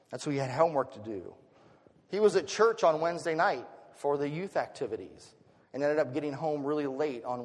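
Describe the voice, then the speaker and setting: A middle-aged man preaching a sermon as pastor, dropping to a hush and then rising loud in an expressive delivery. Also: fairly high pitch. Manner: expressive, swinging from hushed to loud. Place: church sanctuary. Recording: long reverb of a hall.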